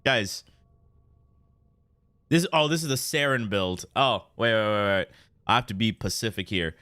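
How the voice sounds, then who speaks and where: A man streams a game and talks to his viewers in a slow, easy drawl, tossing in jokes and restarting his sentences. His voice sits at an ordinary pitch and sounds dry and close to the mic. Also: pushed and bright, clear, resonant tone, no room sound. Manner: loose and joking, many restarts and "guys". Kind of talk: casual live-stream chat while playing.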